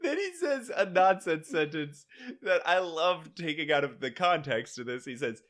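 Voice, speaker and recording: A man's voice: fairly high pitch, big pitch swings, moderate pace, fairly bright tone. A man co-hosting a casual comedy podcast, rambling through a story, laughing often and acting out quotes. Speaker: podcast co-host.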